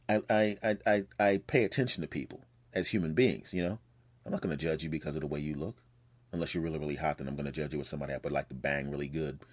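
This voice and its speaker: Here the podcast host's voice is very deep and a little mellow. He tells a rambling personal story in a casual monologue, cracking jokes, cursing freely, and performing other people's lines.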